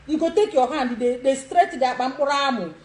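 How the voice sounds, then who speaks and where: A woman in her sixties with a Nigerian accent speaks briskly in a high, darkish voice. She gives bold instructions during a social media live demonstration, laughing frequently, and the room sounds echoey.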